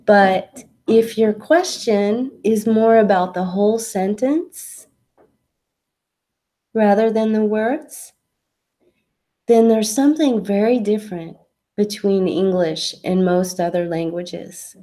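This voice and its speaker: A woman's voice: mid-range voice, steady tone, takes it slowly, dark tone. A woman English teacher giving an online lesson, patiently answering a student's question step by step with examples.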